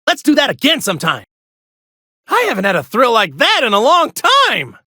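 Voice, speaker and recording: Heroic young fighter, fighting game clips, high bright voice, big pitch swings, dry studio mic. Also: female voice, wildly swooping pitch, moderate pace, breathy edge, dry recording, exaggerated voice. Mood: upbeat eager. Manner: shouted battle cries, cheerful and cocky. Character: heroic young male martial-arts warrior. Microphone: close studio mic.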